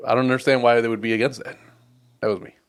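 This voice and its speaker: A man's voice: medium pitch, flat delivery, fast, clean tone. A man co-hosting a podcast in casual chat, joking, cocky and teasing. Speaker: podcast co-host.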